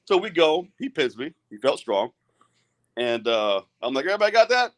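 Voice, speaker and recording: A man's voice: mid-range voice, lively intonation, unhurried. A middle-aged man, an arm wrestler, speaking bluntly and with a lot of swearing in a heated live-stream rant. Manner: profane, blunt and agitated.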